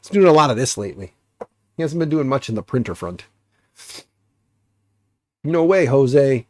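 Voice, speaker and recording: Hosting a laid-back live stream, an American man with a nasal, stuffed-up voice wanders from topic to topic, cracking jokes and leaning on fillers. His mid-range voice swings widely in pitch, and he moves at a quick pace.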